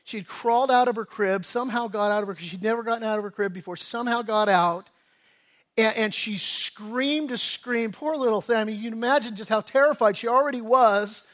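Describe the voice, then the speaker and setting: A man's voice: sits high, brisk. A middle-aged male pastor giving a conversational sermon, telling stories and acting out quotes, often restarting and repeating his words. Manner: conversational storytelling with lively acted-out quotes.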